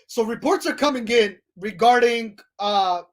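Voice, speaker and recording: A man hosting a solo sports podcast, excitable and full of restarts, calling the audience "folks" and "ladies and gentlemen" as he runs through scores and picks. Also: very high voice, measured pace.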